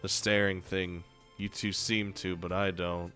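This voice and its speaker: A spacey, blunt teenage girl from a visual novel speaks in a lowered, flat monotone, as a man reads her lines. The voice stays bright and clean-edged, with almost no lift. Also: measured pace, clean tone, faint music behind. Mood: deadpan. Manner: flat, low, deadpan.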